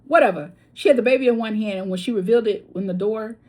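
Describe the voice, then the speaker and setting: A woman giving a casual tarot reading, chatty and blunt, with swearing and story asides, her voice swinging between loud and hushed. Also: mid-range voice, quick pace. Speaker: tarot reader.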